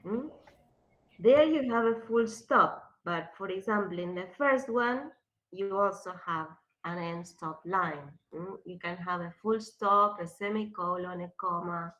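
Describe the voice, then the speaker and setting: Woman teacher walking a class through a poem, slow, bright voice, kinda muffled recording. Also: lowish voice. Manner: slow and questioning, switches to Spanish. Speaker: literature teacher. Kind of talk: classroom lecture.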